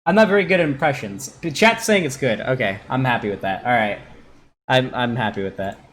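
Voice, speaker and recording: A man's voice: mid-range voice, animated, fairly quick, a bit bright, a little hiss or hum. A man doing casual live-stream commentary on a video, rambling and sarcastic, with frequent swearing.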